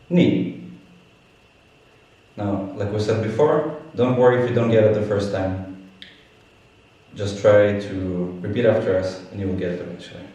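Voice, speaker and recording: A man's voice: lowish voice, mellow, very echoey, distant mic, highs cut off. A man teaching a beginner language lesson, explaining patiently step by step.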